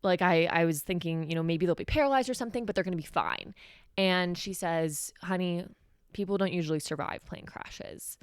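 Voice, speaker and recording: A young woman with a low, smooth, resonant voice talks candidly on a solo podcast, filling her sentences with "like." The sound is dry and close, with no room around her. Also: normal speed, dry recording. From New Mexico, USA. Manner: candid, conversational, heavy use of "like". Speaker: podcast host.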